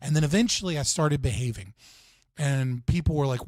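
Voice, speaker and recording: A man chats on a livestream in a slightly higher register, rambling through stories with lots of swearing and "like." The sound is dry and close, with no room around it. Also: fairly quick, a little mellow, dry recording. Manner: profane, rambling storytelling with frequent fillers. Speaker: streamer host. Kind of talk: casual livestream chat.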